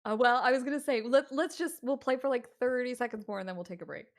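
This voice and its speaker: A woman's voice: a little high, fast. A woman narrating as game master in a tabletop game over voice chat, laughing often.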